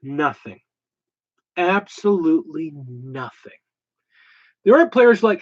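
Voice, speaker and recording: A man hosting a casual hobby chat show, talking in an animated, ranting way. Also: high voice, unhurried, long pauses. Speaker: host. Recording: dull lo-fi sound.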